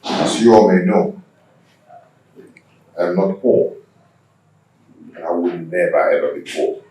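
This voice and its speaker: An actor with a Nigerian accent playing a boastful husband defending himself before elders. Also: male voice, low-pitched, measured pace, dark tone. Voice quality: boastful, insistent. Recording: echoey room, distant mic, faint noise.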